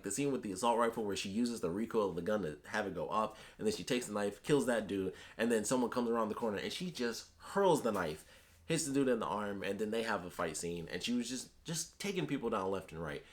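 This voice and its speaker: A man's voice: fairly low pitch, lively intonation, fairly quick. A man giving a casual spoken review of a TV episode, rambling with lots of fillers and restarts.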